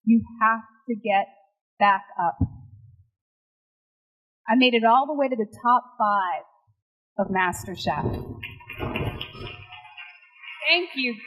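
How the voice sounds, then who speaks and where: A woman's voice: fairly high pitch, animated, slow pace, pauses often, muffled recording. A woman from Puerto Rico giving an emphatic, emotional inspirational speech on stage. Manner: emphatic and emotional, quoting others dramatically. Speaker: motivational speaker. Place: large hall before an audience. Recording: echoey hall with long reverb.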